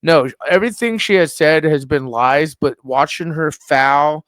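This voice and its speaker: A man's voice: a little high, measured pace, fairly bright tone, clear, resonant tone, no room sound. A man appearing as a guest on a livestream, angrily denying accusations in profane, rambling talk. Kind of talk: heated livestream commentary.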